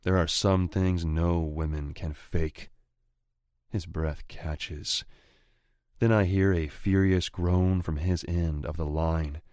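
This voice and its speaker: A man's voice: deep voice, steady tone, slow pace, a little mellow, no room sound, clean studio sound. A man narrating a first-person romance audiobook with a growling, menacing manner.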